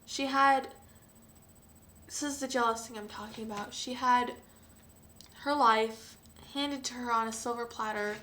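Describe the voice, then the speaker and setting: A young woman talking hesitantly and emotionally to camera, with frequent sighs and pauses. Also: fairly high pitch, fairly even intonation, bright, forceful tone, a little hiss or hum. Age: young adult. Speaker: vlogger. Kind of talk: personal confessional vlog.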